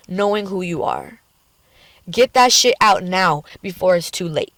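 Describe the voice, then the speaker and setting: A woman's voice: on the low side, lively intonation, measured pace, a bit bright, no room sound. Frank, emotional young-sounding woman venting. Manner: frank, emotional, swears freely. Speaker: vlogger. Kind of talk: candid personal vlog rant. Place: in a car at the beach.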